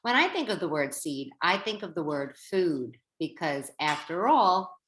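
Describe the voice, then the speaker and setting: Slow lively woman teaching young kids. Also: sits low. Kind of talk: early-grade reading lesson. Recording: roomy echo.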